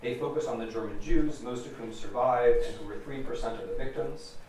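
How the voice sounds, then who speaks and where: A man's voice: medium pitch, brisk, a little mellow, slight background noise. American man lecturing in an echoey hall. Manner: emphatic, repeats key phrases for stress. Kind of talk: public lecture. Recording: echoey hall recorded from a distance.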